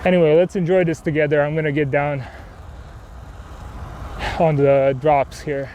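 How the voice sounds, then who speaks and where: A man's voice: on the high side, flat delivery, normal speed, dark tone. A man chatting casually while riding a bike outdoors, rambling and self-deprecating, with many fillers. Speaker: cycling vlogger. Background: wind and faint traffic.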